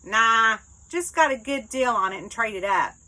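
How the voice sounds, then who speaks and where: A woman voicing a relaxed, bearded southern man, a former sheriff, in a relaxed, offhand way in a storybook reading. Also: a little high, unhurried, low-quality recording. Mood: easygoing.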